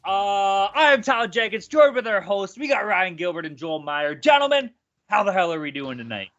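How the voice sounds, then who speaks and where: A man hosting a casual sports podcast, energetic and swearing freely. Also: high-pitched, moderate pace, highs cut off. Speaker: podcast host.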